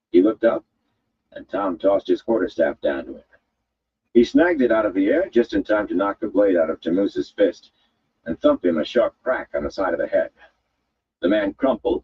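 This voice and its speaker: Deep-voiced man narrating a fantasy story. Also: creaky, phone-quality sound, slight background noise. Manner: expressive, measured storytelling. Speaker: audiobook reader.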